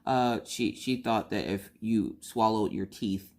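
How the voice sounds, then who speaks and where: Animated woman telling a family story. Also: extremely low pitch, slow. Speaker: vlogger. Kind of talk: casual storytelling chat.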